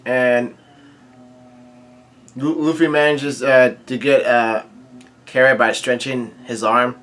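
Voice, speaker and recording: Halting male comic-recap host, bright forward tone, middle pitch. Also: fairly even intonation, slight background noise. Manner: halting, frequent fillers and restarts, quick asides. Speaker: manga reaction host. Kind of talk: casual chapter recap, reading out dialogue.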